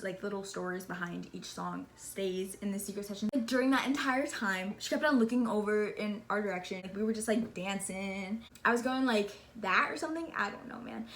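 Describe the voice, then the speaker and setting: A woman telling a story in a casual vlog, excitable and gushing, filling her talk with "like" and calling her listener "sister.". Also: medium pitch, a little fast, slight background noise. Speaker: vlogger.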